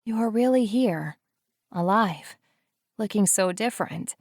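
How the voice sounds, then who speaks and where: Gentle motherly woman, soft and soothing, the narrator doing her. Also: mid-range voice, animated, slow pace, dry recording, studio quality, pitched above the performer's own voice. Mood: hushed.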